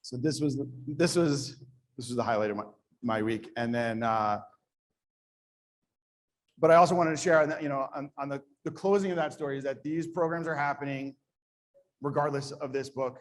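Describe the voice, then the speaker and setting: A man's voice: medium pitch, normal speed, pauses often. A man speaking to a live audience at a startup event in a conversational, self-deprecating way, with frequent restarts. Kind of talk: live conference talk.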